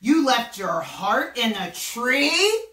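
A woman voicing a hungry, scheming male crocodile in a storybook reading, slow and drawn out. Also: fairly high pitch, very animated, fairly bright tone, voice pushed up, exaggerated voice. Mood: gloating. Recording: roomy, voice from a distance.

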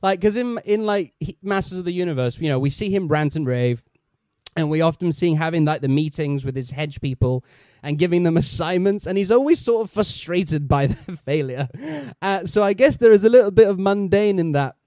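A man's voice: fairly high pitch, brisk, warm tone, no echo, clean studio sound. A man hosting a casual podcast chat, chuckling often as he talks about cartoon villains. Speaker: podcast host.

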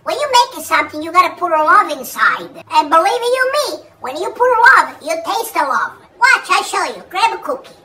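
A man's voice: very high-pitched, very animated, a little fast, few pauses, bright, forceful tone, pitched above the performer's own voice, exaggerated voice. A man voicing a bossy, thrifty old Italian aunt with an Italian accent and broken English. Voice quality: broken English, pushy, haggling.

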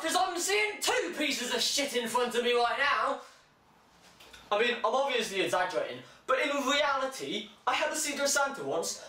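High-voiced sarcastic young man. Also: bright, forceful tone. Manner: sarcastic, jumps into shrill mocking put-on voices. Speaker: comedian. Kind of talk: stand-up style comic monologue. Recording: echoey room, mic held far off.

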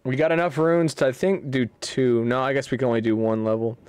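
A man's voice: mid-range voice, fairly even intonation, brisk, a little mellow, clear, resonant tone, dry recording. A young man giving casual, profane live commentary while streaming a game. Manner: casual and profane, swears freely.

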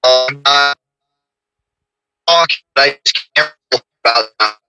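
A man guesting on a podcast, talking in a laid-back, halting way. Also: mid-range voice, bright, forceful tone, no room sound, faint music behind, rough recording. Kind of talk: casual podcast chat.

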